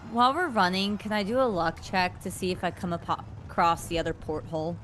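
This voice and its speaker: A woman playing a tabletop game, chatting with quick, excited reactions. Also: on the low side, a little hiss or hum. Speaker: player. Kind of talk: casual game chat.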